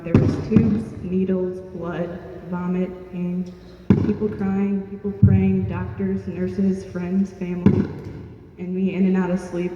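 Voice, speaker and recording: A woman's voice: fairly low pitch, little pitch movement, unhurried, mellow, slight background noise. A young woman earnestly telling her own story to an audience, plain-spoken with small restarts. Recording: distant, dull-sounding mic in an echoey hall.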